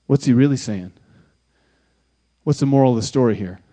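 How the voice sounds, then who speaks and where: A man preaches a sermon as pastor at a moderate pace in a mid-range voice. His delivery is emphatic, rising to loud exclamations and dropping to hushed lines, with frequent repetition for emphasis.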